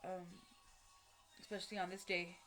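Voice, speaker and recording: A woman's voice: lowish voice, flat delivery, normal speed, fairly bright tone, faint music behind. A woman telling a personal story to camera in casual street slang, swearing often and correcting herself as she goes. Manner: rambling, frequent swearing and slang, many fillers and self-corrections.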